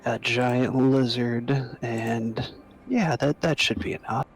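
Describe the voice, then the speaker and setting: A man's voice: medium pitch, steady tone, slow, a little hiss or hum, poor audio. A man playing a tabletop game, chatting casually and cracking jokes. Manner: joking, playful. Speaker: player.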